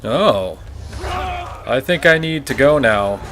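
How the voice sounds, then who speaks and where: A man playing a horror game and reacting out loud, slow and low-voiced, blunt and sarcastic with constant swearing. Mouse clicks and game sounds come through clearly behind him. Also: noisy background. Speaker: let's play host. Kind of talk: gameplay commentary.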